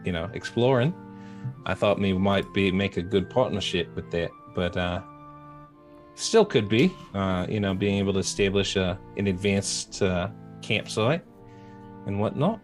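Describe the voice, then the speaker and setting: A man's voice: deep voice, animated, a little slow, soft background music. A man playing a tabletop role-playing game, speaking in character hesitantly with many fillers. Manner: hesitant, many uhs and you-knows. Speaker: player.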